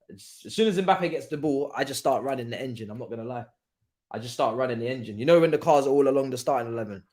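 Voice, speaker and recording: A young man hosting a live football watchalong, talking in an excitable, slangy way, laughing often and swinging from loud outbursts to quiet asides. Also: medium pitch. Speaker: livestream watchalong host.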